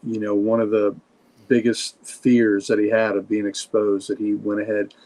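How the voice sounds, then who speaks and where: A man's voice: on the low side, monotone, normal speed, dark tone. Enthusiastic male podcast co-host. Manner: enthusiastic, storytelling, frequent fillers. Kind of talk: casual chat and storytelling.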